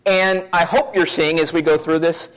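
A man preaching a sermon to his congregation, talking fast in a conversational way and asking many questions. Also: on the high side, fairly even intonation, a bit bright, rough recording.

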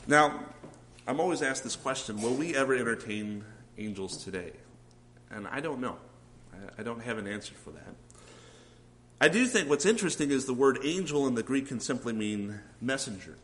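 A man's voice: mid-range voice, animated, moderate pace, a bit bright, low-quality recording. A man preaching a sermon, earnestly putting questions to his listeners. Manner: earnest, asks the congregation questions.

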